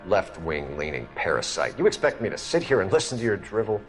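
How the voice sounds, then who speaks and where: An actor playing a rigid, formal young police detective in the 1940s. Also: male voice, low voice, very animated, brisk, over music. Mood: stern. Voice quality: clipped, formal.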